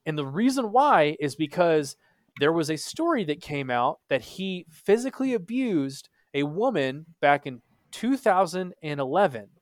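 A young man from Texas, hosting a casual hockey podcast, animated and swearing freely. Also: a little high, unhurried, no room sound. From Texas, USA. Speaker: podcast host.

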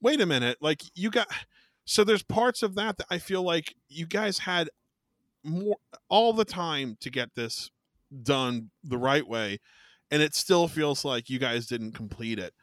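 A man's voice: a little high, expressive, unhurried, a bit bright, no echo, studio quality. Swearing, rambling podcast co-host man. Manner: rambling, restarts often, swears casually. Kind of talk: casual chat.

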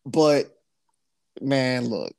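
Gravelly-voiced laid-back podcast host man. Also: mid-range voice, very animated, very slow, dry recording. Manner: laid-back, repeats phrases, laughs easily. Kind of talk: casual chat.

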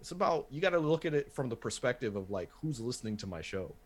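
A man's voice: mid-range voice, big pitch swings, fast, slightly rough. A man who hosts a wrestling podcast, talking casually and animatedly, swearing and restarting his sentences.

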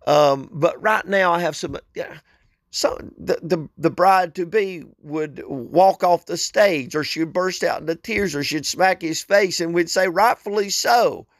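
Man, fervent preacher and host, higher voice, dry close sound. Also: unhurried, no echo. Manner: fervent, rises in pitch when pressing a point. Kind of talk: sermon.

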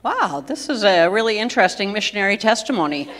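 A woman's voice: mid-range voice, big pitch swings, fast talker, fairly bright tone. A woman interviewing a biblical figure, asking inquisitive questions and adding thoughtful comments.

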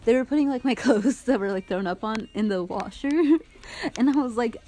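A woman's voice: a little high, normal speed, warm tone. A young woman telling a story in casual chat, laughing often and using lots of filler words and swearing.

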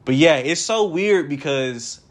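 A man's voice: a little high, lively intonation, unhurried. A young man hosting a casual solo podcast from his brother's house, rambling with lots of fillers. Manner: rambling, many fillers like "like" and "for real". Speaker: podcast host.

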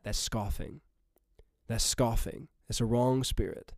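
A man's voice: medium pitch, expressive, slow, a little mellow, no room sound, clean studio sound. A man preaching a sermon emphatically, repeating phrases and calling out to his listeners.

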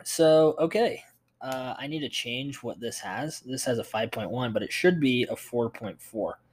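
A man's voice: mid-range voice, measured pace, breathy edge. A young man co-hosting a casual podcast, laid-back and chuckling, with sarcastic asides. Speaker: podcast co-host. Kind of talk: casual chat.

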